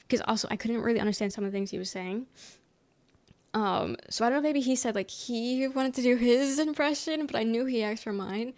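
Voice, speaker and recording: A woman's voice: fairly high pitch, moderate pace. A young woman streamer casually rambling through a story, full of fillers and quoted back-and-forth. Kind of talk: casual chat.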